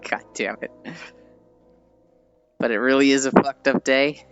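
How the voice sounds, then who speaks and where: A woman's voice: a bass voice, expressive, slow, lo-fi sound, soft background music. Giggly, rambling woman streamer. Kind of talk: casual chat while walking.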